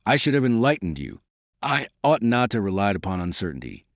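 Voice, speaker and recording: In an audiobook, a male narrator voices a wounded young nobleman who is grave, bitter and earnest yet dignified. The low voice moves expressively, with a sing-song, brisk delivery, recorded dry and close.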